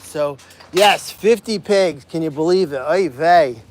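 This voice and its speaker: Talking slowly and in an animated way, a man with a voice that sits high chats to his live stream, with slight background noise. He works solo at a sanctuary's outdoor pig pens, moving around as he tends the animals and sings out to coax the pigs.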